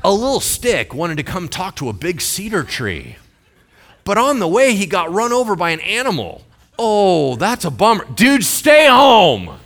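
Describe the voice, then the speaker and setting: A swaggering ancient king , put on by a man telling the story, taunting a smaller rival with bold, ringing threats. The voice sits high and bright, and it swoops up and down as he gloats. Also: very animated, a little slow, heavily acted. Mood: mocking threat. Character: boastful mighty ancient king, mocking and threatening.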